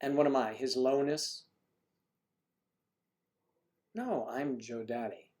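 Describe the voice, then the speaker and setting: A man's voice: mid-range voice, takes it slowly, a little mellow. A man hosting a casual livestream chat with viewers, rambling and joking with lots of fillers.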